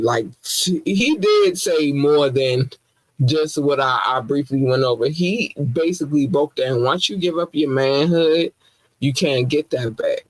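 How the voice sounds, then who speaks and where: A woman in her forties hosting a podcast in casual, animated chat, playful and full of sudden swoops up in pitch. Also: a little slow, dry recording, rough recording. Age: 40s. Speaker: podcast host.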